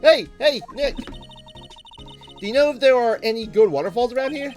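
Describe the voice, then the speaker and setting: A man voicing an excitable young woman spirit medium, in a high-pitched, eager voice with loud outbursts. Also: unhurried, soft background music.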